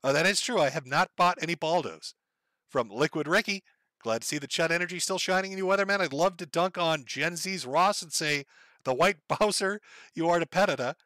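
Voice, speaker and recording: A man's voice: a little high, fairly quick, dry recording. A man from Minnesota hosting a livestream, reading viewer donations aloud with sardonic, profane asides. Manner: sardonic, profane, reads messages aloud in a flat wry tone. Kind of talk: casual livestream chat.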